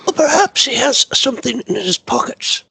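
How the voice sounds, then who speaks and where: A man doing a squeaky, gravelly hothead. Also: big pitch swings, moderate pace, bright, forceful tone, no echo, heavily acted. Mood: sheepish. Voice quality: gravelly, raspy. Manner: sheepish, apologetic. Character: remorseful hot-tempered male adventurer called Pooh.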